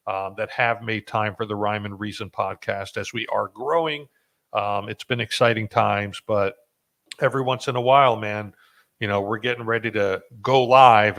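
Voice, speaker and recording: A man's voice: medium pitch, fairly bright tone. A man hosting a podcast, talking loosely and joking, with frequent fillers and restarts. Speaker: podcast host. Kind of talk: casual podcast chat.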